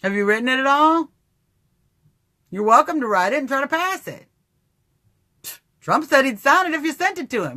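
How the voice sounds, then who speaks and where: Bright, high-voiced woman ranting excitedly. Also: a little fast, pauses often. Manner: excited, mocking, mimics voices, laughs at own jokes. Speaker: political commentator on a livecast. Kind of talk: animated political livestream talk.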